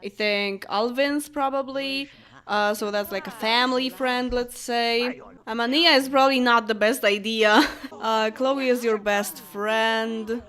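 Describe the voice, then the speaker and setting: A woman's voice: on the high side, steady tone, unhurried, fairly bright tone. A young woman with Polish as her first language, casually commentating a life-sim game, chatting to her characters and laughing often. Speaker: gameplay commentator. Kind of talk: casual let's-play commentary.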